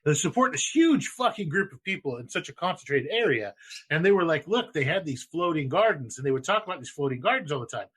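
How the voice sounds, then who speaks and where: A man hosting a casual podcast chat, swearing freely, laughing hard and rushing his words when excited. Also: fairly high pitch, husky. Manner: profane, laughs a lot, talks fast when excited. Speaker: podcast host.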